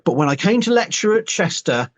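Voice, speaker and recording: A man's voice: fairly high pitch, big pitch swings, brisk. A man, a professor, chatting playfully on a live stream. He teases in a mock-confessional way and often restarts his words. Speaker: archaeology professor and host. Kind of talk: playful chat. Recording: dull lo-fi online live stream sound.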